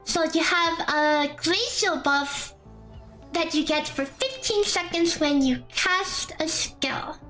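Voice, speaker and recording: A woman's voice: high voice, slow pace, sharp tone, poor audio. A woman streamer in a casual live-stream, explaining a game damage calculator in a chatty, rambling way with playful asides. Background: faint background music.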